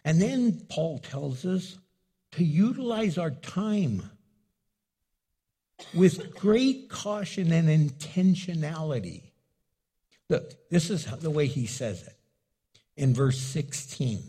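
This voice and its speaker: A middle-aged man preaching a sermon as pastor, animated and acting out little dialogues. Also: a little high, slow pace, breathy edge. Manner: animated, acts out dialogue with the congregation.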